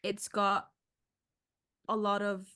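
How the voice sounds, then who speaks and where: A woman's voice: medium pitch, monotone, takes it slowly, sharp tone, clear, resonant tone, no room sound, studio quality. A woman guest on a casual film podcast, thinking aloud and trailing off into questions.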